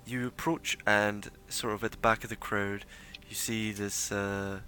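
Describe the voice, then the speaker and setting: A man's voice: on the low side, flat delivery, measured pace, sharp tone. A man narrating as game master of a tabletop game, rambling with many fillers.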